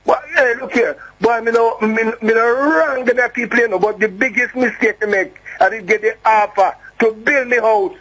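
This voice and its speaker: A man's voice: extremely high pitch, normal speed, hardly any pauses, fairly bright tone, rough recording. Heated Jamaican man calling in. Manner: rambling, heated, repeats himself. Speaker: caller. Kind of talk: phone-in call.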